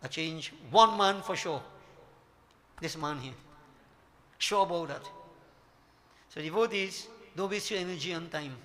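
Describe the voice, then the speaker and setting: A man's voice: fairly high pitch, a little slow, long pauses, fairly bright tone. An older man gives a devotional sermon, emphatic and full of rhetorical questions to his devotees. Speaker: Hindu spiritual teacher.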